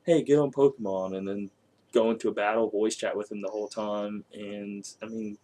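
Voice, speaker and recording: A man talking casually about video games in an animated way, laughing often and swearing. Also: on the low side, normal speed. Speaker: co-host. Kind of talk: casual gaming chat.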